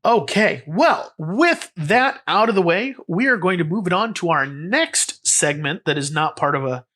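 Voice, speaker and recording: A man's voice: high-pitched, expressive, measured pace, sharp tone. Rambling, playful male podcast host. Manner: rambling, playful, with many fillers. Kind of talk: comedy podcast chat.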